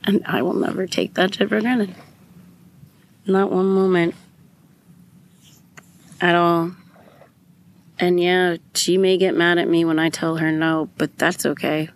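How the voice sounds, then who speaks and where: Podcast host, young adult woman, candid and emotional, swears a lot, unhurried delivery. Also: on the low side, fairly even intonation, slight background noise. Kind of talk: personal storytelling monologue.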